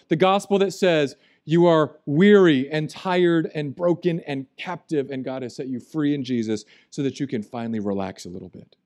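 A man preaching a sermon as pastor, animated and jokey, swinging between loud and quiet. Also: on the high side, normal speed, few pauses. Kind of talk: humorous sermon.

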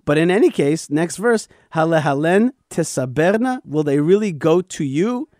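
A man's voice: on the high side, animated, normal speed, dark tone, no room sound, studio quality. A man hosting a radio show, teaching scripture in an emphatic, explanatory way with frequent stammered restarts.

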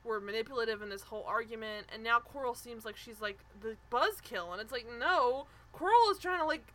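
Bright-voiced woman, animated recap chat. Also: a little high, brisk, poor audio. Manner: animated, swearing, mimics people she discusses. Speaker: podcast co-host.

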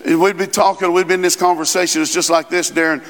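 A man preaching a sermon as pastor, in a conversational style with quick asides and rising emphasis. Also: sits high, little pitch movement, a bit bright. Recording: long reverb in a large hall.

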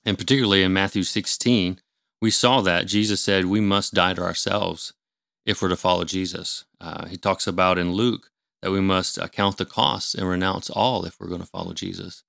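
Man, deep voice, gravelly fry, measured explanatory podcast talk, dry studio sound. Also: steady tone, a bit bright, no echo. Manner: measured, explanatory, with filler words and restarts. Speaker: ministry leader and guest. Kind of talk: conversational teaching on scripture. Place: small studio room.

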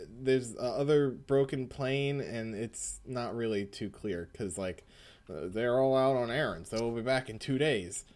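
A man's voice: mid-range voice, a little mellow. Jokey man recapping comics. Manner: jokey, laughs often, reads panels aloud in goofy voices. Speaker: podcast co-host. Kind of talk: casual chat recapping a manga.

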